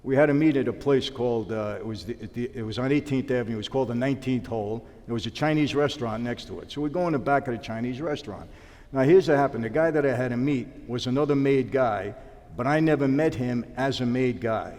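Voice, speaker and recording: A man tells a story in a sit-down interview and acts out each side of the conversation. His voice sits at an ordinary middle pitch. A long reverb trails after his words. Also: fast. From New York. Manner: animated storyteller acting out dialogue. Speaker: interview guest, former mobster.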